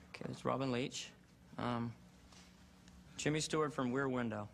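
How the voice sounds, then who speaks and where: A man's voice: mid-range voice, normal speed, creaky, pauses often, fairly bright tone, slight background noise. A man, an auditioning comedian, chatting in a hesitant, self-deprecating way between bits. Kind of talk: audition patter.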